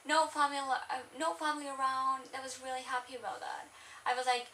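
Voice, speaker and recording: Young woman, high and bright, rambling vlog story, roomy sound set back from the mic. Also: flat delivery, fairly quick, recorded from a distance, slight background noise. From Spain. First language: Spanish. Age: young adult. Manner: chatty, rambling, full of "like". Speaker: vlogger. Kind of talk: casual storytelling.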